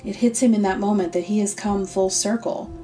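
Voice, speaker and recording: A woman narrating a comedic story in a deadpan, sardonic way. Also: medium pitch, a little fast. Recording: distant mic, faint music.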